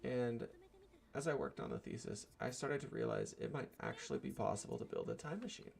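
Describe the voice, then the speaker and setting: A man's voice: medium pitch, huge pitch swings, brisk, creaky, darkish tone, voice pushed up, heavily acted. A man voicing an anxious young woman scientist who pleads timidly and tries hard to please. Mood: hopeful.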